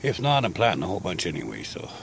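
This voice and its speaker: A man talking casually outdoors in a vlog, sounding sick and short of breath, slow and rambling with pauses. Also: low-pitched, huge pitch swings, creaky, slight background noise. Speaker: vlogger. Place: outdoors in a garden grove.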